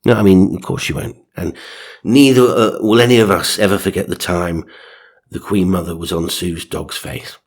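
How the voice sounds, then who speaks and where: A man's voice: low voice, fairly even intonation, normal speed, creaky. A man hosting a comedy reading, with dry, sardonic asides between passages. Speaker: narrator and comic host.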